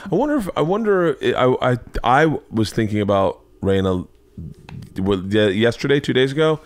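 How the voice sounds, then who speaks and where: A man's voice: medium pitch, moderate pace, dry recording. A man in his forties hosting a podcast, telling stories in casual chat, acting out dialogue and swearing. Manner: animated storyteller, acts out dialogue, swears. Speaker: podcast host.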